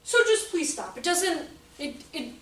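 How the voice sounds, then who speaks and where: A woman in her forties giving a jokey, animated talk to an audience about children's behavior and acting out the quotes. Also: sits high, unhurried. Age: 40s. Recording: echoey hall, voice from far off, faint noise.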